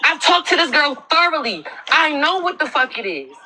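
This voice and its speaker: Young woman mad and cussing, high voice, lots of noise under it. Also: big pitch swings, normal speed, pushed and bright, low-quality recording. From Baltimore. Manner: irritated, profane, repeats her grievance. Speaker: livestreamer in a couple argument. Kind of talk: heated argument.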